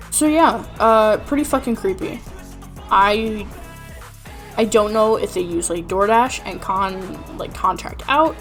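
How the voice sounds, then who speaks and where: A young woman streamer telling a rant in casual chat, exasperated and swearing often. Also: mid-range voice.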